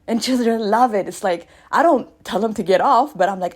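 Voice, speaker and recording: Animated woman in her thirties, fairly high. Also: quick pace, few pauses. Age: 30s. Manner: animated, swings between loud bursts and soft asides. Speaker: radio show host. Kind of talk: casual spiritual monologue.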